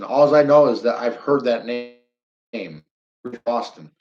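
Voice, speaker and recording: A man hosting a casual live stream, chatting loosely with his viewers and reading their comments aloud. He rambles and repeats words as he goes, at an ordinary pitch. The audio is dull and lo-fi. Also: a little slow, darkish tone.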